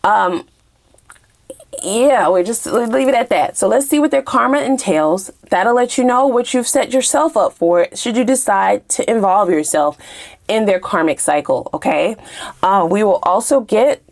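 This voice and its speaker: A woman's voice: expressive, unhurried. Fiery, profane woman tarot reader. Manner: fiery and profane, swinging from low mutters to high shouts. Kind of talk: animated tarot reading.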